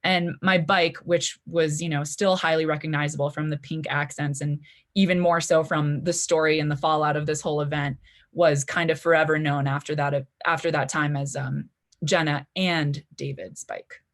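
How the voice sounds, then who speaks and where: A woman's voice: low-pitched, level tone, normal speed. Young woman telling a story on stage. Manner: chatty, full of "like" and "you know" fillers. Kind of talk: live story slam storytelling. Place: library event stage before an audience.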